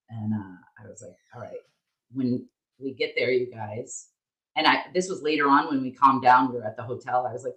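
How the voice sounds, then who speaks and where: A woman's voice: rumbling low, brisk. Candid woman telling a story in a roomy room. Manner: animated, candid, swears freely. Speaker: podcast co-host. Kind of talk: casual storytelling chat. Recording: roomy echo.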